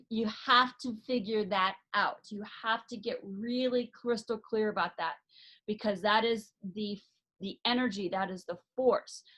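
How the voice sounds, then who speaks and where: A woman's voice: on the high side, fairly bright tone. A woman, an author and life coach, telling a personal story as a podcast guest, earnest and emphatic, often restarting her sentences.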